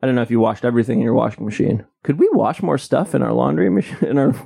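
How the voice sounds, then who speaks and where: Gravelly, mellow-voiced guy joking. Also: medium pitch, fast. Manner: goofy, interrupting, laughs often. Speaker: podcast co-host. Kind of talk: casual comedic chat.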